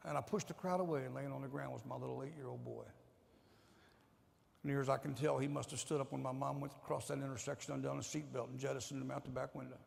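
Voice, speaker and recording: A man giving a sermon testimony in a church, telling the story with emotion and swinging from loud to hushed. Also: medium pitch, steady tone, quick pace, creaky. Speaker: guest speaker at a church. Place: church sanctuary. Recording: long reverb of a large hall.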